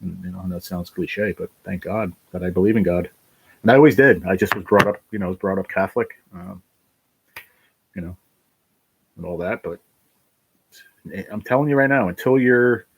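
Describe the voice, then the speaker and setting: A middle-aged man hosting a casual livestream, his voice low and a bit husky. He talks bluntly and emotionally, swears freely and rambles from one tangent to the next. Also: moderate pace, pauses often. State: fighting back tears. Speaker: channel host.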